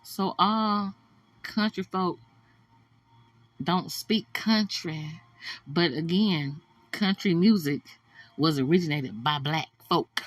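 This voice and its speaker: A woman hosting a celebrity gossip show, blunt, animated and profane. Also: on the low side, takes it slowly, long pauses, no room sound. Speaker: host.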